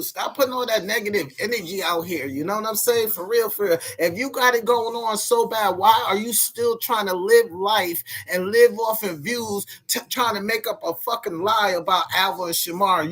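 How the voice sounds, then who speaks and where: A man's voice: high-pitched, a bit bright, breathy edge. A young adult man ranting to camera in a vlog, heated and profane, repeating himself as he goes. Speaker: vlogger.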